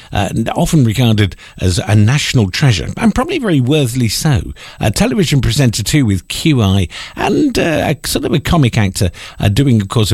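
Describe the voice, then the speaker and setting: A man's voice: mid-range voice, a little mellow, slightly rough, no room sound, studio quality. A man presenting on the radio, rambling along in a casual chat, making wry jokes and correcting himself.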